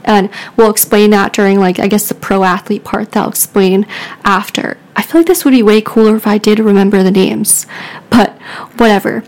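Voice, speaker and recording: A woman telling a story on her podcast in a loose, rambling way. Her speech is full of "like" fillers, and she laughs a lot as she goes. Her voice sits in a mid pitch. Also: fairly even intonation, moderate pace, darkish tone, low-quality recording. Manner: rambling, filler-heavy with frequent "like"; giggly, laughs often. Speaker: podcast host. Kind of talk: casual storytelling.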